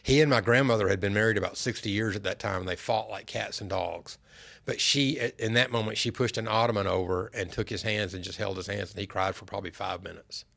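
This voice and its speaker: A middle-aged man, a podcast guest, telling family stories in an earnest, unhurried way. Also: lowish voice, gravelly, fairly bright tone. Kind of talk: casual storytelling interview.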